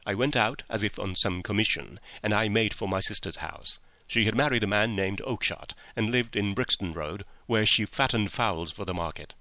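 A man's voice: lowish voice, normal speed, few pauses, pushed and bright, no echo. A man reading an audiobook, voicing a terrified young male jewel thief who pleads frantically and shrilly. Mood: nervous confession.

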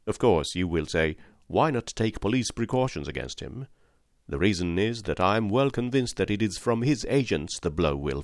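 Low-voiced male audiobook narrator. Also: no room sound, clean studio sound. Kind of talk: scripted narration of a classic detective story.

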